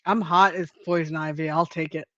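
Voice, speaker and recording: A woman's voice: low-pitched, steady tone, brisk, a bit bright, no echo, muffled recording. A woman co-hosting a casual panel chat, giggly and upbeat, with many small affirmations. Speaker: podcast co-host.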